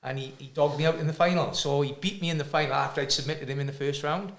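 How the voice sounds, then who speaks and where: A man's voice: fairly high pitch, steady tone, quick pace. A man, a fight coach, speaking earnestly and emphatically, repeating words as he makes his point. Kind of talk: casual chat. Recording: echoey room, faint noise.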